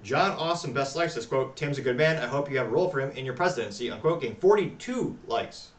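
A man hosting a talk show, reading social media replies aloud with wry, deadpan asides. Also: medium pitch, fast talker, reverberant, distant mic. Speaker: podcast host.

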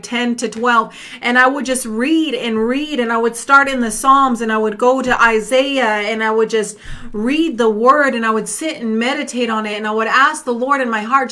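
A woman's voice: on the high side, bright, forceful tone. A middle-aged woman minister sharing a personal testimony, earnest and repetitive, with frequent restarts. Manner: earnest, repeats phrases, many restarts.

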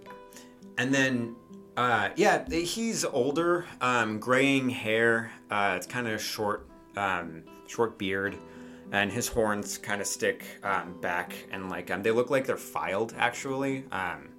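A man's voice: fairly low pitch, sharp tone. A man narrating a tabletop game as game master, rambling with many fillers.

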